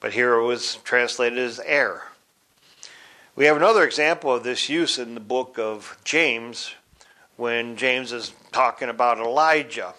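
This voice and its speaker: Slow, bright-voiced man teaching scripture. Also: medium pitch. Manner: slow and deliberate, spells out words letter by letter. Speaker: Bible teacher. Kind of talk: Bible teaching.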